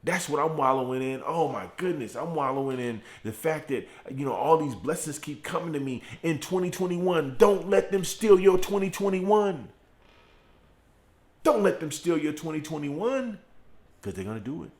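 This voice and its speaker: A middle-aged man hosting a motivational morning live stream from his home garage, preaching with fired-up repetition while deliberately keeping his voice turned down. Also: expressive. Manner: fired-up preaching with repeated phrases, speaking in a deliberately lowered voice. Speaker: host of a morning motivational show.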